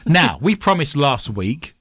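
A man with an English accent hosting a podcast, chatting in a joking, animated way. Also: a little high, a little slow, slightly rough, no room sound. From England. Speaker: podcast host. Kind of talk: casual podcast chat.

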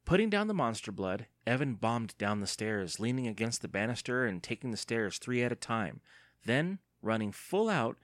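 In a clean studio recording without echo, a male narrator reads an audiobook expressively, as if telling a story. His pitch is medium and his pace moderate.

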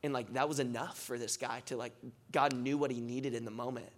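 A young man speaks in a loose, conversational way, leaning hard on filler words as he tells his stories. His pitch sits in the middle range for a man. This is a testimony-style sermon given to a church gathering. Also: steady tone, brisk. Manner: casual, filler-heavy storytelling with many "like"s; rising, impassioned closing prayer.

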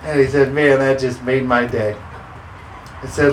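Pastor, male, mid-pitched, preaching with emphatic repeated declarations; roomy sound, faint ambience. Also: fairly even intonation, unhurried, noisy background. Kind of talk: sermon.

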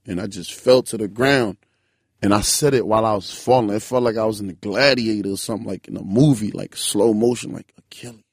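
A man in his twenties telling a story in loose casual chat, animated and full of "bro" and "like". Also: on the low side, fairly quick, dry recording, studio quality. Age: 20s. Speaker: podcast guest.

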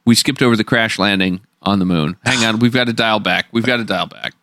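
A man's voice: fairly low pitch, a little fast, a bit bright, no room sound. A man hosting a podcast, animatedly recapping a TV episode in casual, jokey chat. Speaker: podcast host.

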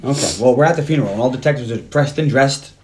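A man's voice: medium pitch, fast, darkish tone, a little hiss or hum. A man hosting a movie podcast, casually retelling a film's plot at length in a rambling way. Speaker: podcast host. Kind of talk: casual movie recap chat.

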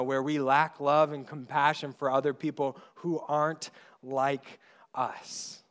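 A male pastor preaching a sermon in an earnest way, growing loud on key points and going soft and slow on tender ones. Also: on the high side, flat delivery.

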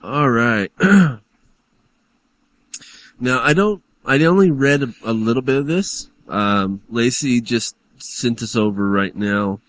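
Slow, easygoing man co-hosting. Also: mid-range voice, expressive, a bit bright. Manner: slow, easygoing, steers the reading. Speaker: podcast co-host. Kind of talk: casual chat.

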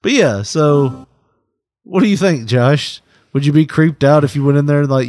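A man's voice: on the high side, moderate pace, darkish tone, no echo. A man co-hosting a podcast, joking crudely and laughing often as he talks. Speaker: podcast co-host. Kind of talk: crude comedic banter.

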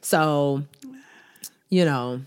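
Playful low-voiced woman co-host. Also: clean tone. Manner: playful, teasing, drawn-out emphasis. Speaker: podcast co-host. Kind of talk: casual chat.

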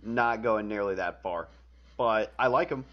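A man's voice: lowish voice, a little slow. Sarcastic man, dull lo-fi sound. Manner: dry, sarcastic quips. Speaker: podcast co-host. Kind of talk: casual sports chat.

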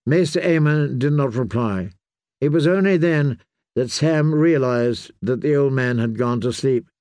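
In a clean studio recording with no room sound, a man reads a fantasy audiobook. His medium-pitched voice keeps a measured, steady storytelling pace.

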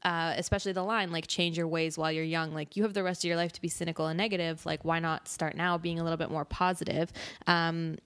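A young woman co-hosting a casual chat podcast. She talks fast with a slightly low voice and leans on "like" constantly. The sound is dry and close. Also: flat delivery, fairly bright tone, smooth, no room sound. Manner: chatty, lots of "like" fillers. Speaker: podcast co-host.

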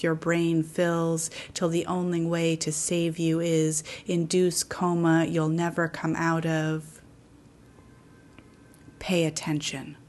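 A middle-aged woman giving a poetry reading in a slow, deliberate way with long pauses. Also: lowish voice. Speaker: poet.

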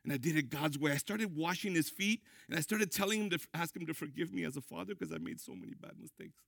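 A middle-aged man preaching a sermon in a gravelly, fairly high voice. He drives his points home with sudden loud, high bursts. The sound is dry and close. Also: quick pace, no room sound. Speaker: pastor.

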